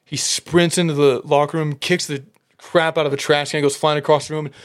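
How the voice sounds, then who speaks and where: A man telling animated football stories in casual chat, laughing often. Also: fairly high pitch, a little fast.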